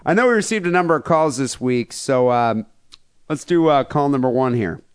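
A man's voice: medium pitch, animated, moderate pace, clear, resonant tone, dry recording, clean studio sound. A man co-hosting a crude comedy podcast, joking loosely and laughing between lines. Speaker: podcast co-host. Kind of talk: crude comedic casual chat.

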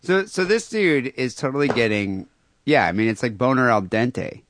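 A man's voice: medium pitch, expressive, normal speed, fairly bright tone, slight background noise. A man co-hosting a comedy podcast, riffing on crude jokes in casual banter full of "I mean" and "you know". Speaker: podcast co-host.

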